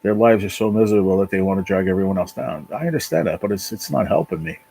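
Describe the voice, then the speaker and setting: A man hosting his own livestream from his apartment, talking casually and emotionally in a halting, repetitive way with a lot of swearing. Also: low voice, vocal fry, mellow, a little hiss or hum, low-quality recording. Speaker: livestream channel host. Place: apartment at home.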